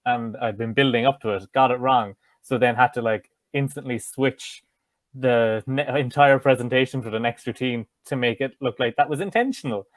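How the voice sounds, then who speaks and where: Podcast host guy, chill and chatty, mid pitch, dry sound. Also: moderate pace, dry recording. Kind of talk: casual interview chat.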